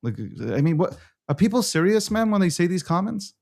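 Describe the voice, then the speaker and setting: A man's voice: sits high, fairly quick, darkish tone. A man hosting a live stream, talking bluntly in casual chat, swearing freely and repeating himself for emphasis. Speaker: show host.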